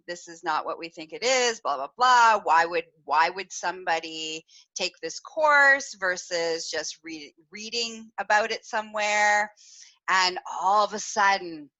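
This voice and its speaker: A woman co-hosting a podcast, telling a personal story in a candid, animated way and swearing freely. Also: on the low side, dull audio. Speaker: podcast co-host. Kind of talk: casual podcast conversation.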